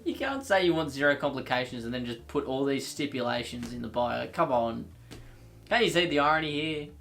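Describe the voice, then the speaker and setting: A man's voice: mid-range voice, animated, fairly quick, fairly bright tone, a little hiss or hum. A man giving sarcastic reaction commentary, ranting and mocking with exasperation. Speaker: comedy commentator.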